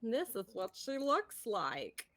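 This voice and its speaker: A woman narrating a tabletop game as game master, relaxed, with many fillers. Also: on the high side, slow.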